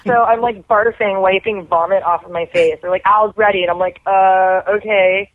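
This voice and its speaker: Woman, thirties, chatty, animated storyteller, tinny phone line. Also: medium pitch, normal speed, few pauses. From Canada. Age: 30s. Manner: chatty, animated, lots of "like" fillers. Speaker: guest actor. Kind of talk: casual storytelling. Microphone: phone call.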